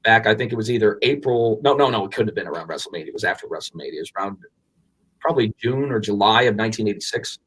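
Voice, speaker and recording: Lower-voiced man telling a rambling story. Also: very fast, breathy edge. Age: 40s. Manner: animated storyteller with frequent restarts and casual swearing. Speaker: podcast co-host. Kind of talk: casual podcast chat, storytelling.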